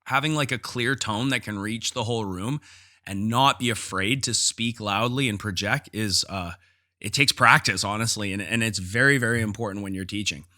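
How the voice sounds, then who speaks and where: A man's voice: fairly low pitch, moderate pace, pushed and bright. A man hosting a solo podcast, talking casually and candidly about teaching, with frequent fillers and restarts. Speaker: podcast host and jiu-jitsu instructor.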